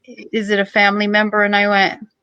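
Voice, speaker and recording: A middle-aged woman, a podcast guest, telling a story in a joking, lively way. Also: mid-range voice, a little fast, clear, resonant tone, dry recording, lo-fi sound. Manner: joking, animated storytelling with laughs. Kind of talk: casual storytelling.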